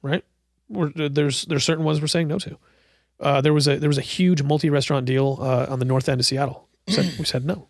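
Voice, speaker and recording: Gravelly-voiced man telling stories. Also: on the high side, a little fast, no echo, studio quality. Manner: animated storyteller who acts out quotes. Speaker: guest, coffee roaster and cafe owner. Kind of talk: casual podcast storytelling.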